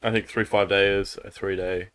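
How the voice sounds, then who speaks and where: Very deep-voiced man, dry. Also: flat delivery, moderate pace, a crowd in the background. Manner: dry, teasing interjections. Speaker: podcast co-host. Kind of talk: casual chat among friends.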